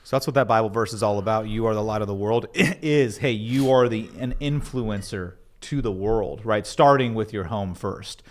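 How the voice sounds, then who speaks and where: A man's voice: lowish voice, moderate pace, few pauses. A man hosting a podcast chat, affirming and encouraging his guests. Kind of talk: casual chat.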